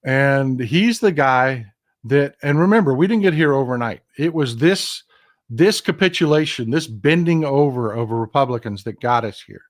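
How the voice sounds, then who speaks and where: Speaking at a normal speed in an animated, mid-range voice, this older man runs a political commentary livestream. He repeats phrases, leans into his points with passion and emphasis, and reads out comments from viewers.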